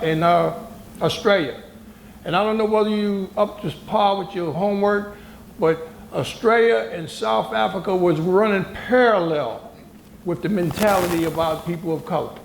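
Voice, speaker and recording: In a university hall, a panel guest at a moderated discussion, an older man from the United States with a high, gravelly voice, tells a lively story. He speaks colloquially and emphatically, acting out what others said, with roomy hall acoustics and a bit of background noise.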